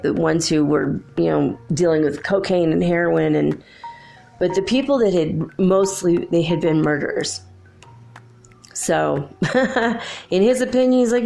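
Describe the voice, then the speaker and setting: Slow-talking woman telling a ghost story. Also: sits low, gravelly. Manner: animated, laughs often, acts out quoted voices. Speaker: podcast host. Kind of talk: casual storytelling.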